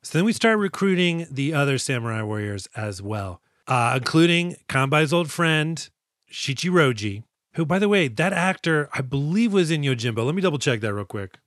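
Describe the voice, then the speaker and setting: A man co-hosting a podcast in casual chat, animated and profane, acting out characters as he retells scenes. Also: fairly high pitch, normal speed, no echo, clean studio sound. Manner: animated, swears a lot, acts out characters in quoted lines. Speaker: podcast co-host.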